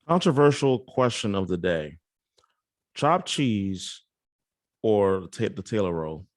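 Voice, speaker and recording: A man hosting a podcast in a casual chat, giving quick short replies and stumbling over his words when he gets excited. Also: fairly low pitch. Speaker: podcast host.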